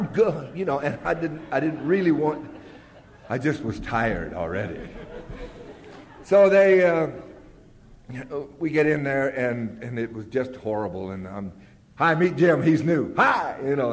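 An older man tells a long, humorous story in a loose, rambling way. He keeps breaking into loud acted-out quotes. His voice rings through a hall with a long reverb. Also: medium pitch. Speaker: speaker sharing his recovery story. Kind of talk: storytelling talk at a recovery meeting.

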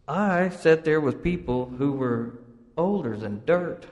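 A man's voice: on the high side, expressive, slow pace, a little mellow, dull audio. Rambling man in a reverberant hall. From Oklahoma, US. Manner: rambling, self-mocking, with frequent laughs and restarts. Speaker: recovery meeting speaker. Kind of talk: storytelling talk to a recovery group.

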